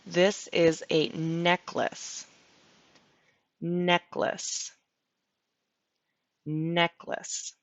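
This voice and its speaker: A woman teaches vocabulary at an unhurried pace, repeating each word with patient care. Her fairly low voice has a gravelly edge. The recording is dry and slightly muffled. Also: level tone, dry recording. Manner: patient, repeats words slowly. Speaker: ESL teacher. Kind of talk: slow, clear vocabulary lesson. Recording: dull lo-fi sound.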